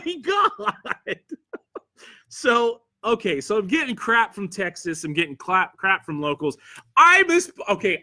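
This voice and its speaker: A man's voice: high-pitched, pushed and bright. A man from Pennsylvania with a Pennsylvania accent, hosting a convention livestream alone and chatting loosely as he reads viewer comments, rambling and self-deprecating with lots of fillers and restarts. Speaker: convention podcast host. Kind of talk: solo livestream chat reading viewer comments. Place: studio.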